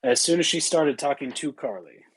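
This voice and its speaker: A man's voice: a little high, animated, moderate pace, breathy edge, rough recording. A man narrating as game master, in a casual way with many fillers.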